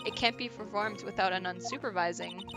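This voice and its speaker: A woman's voice: medium pitch, fairly quick, music in the background, natural voice. A woman reading the lines of a chatty, self-assured older nun from a video game, explaining at length. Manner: reads game dialogue aloud, explaining at length.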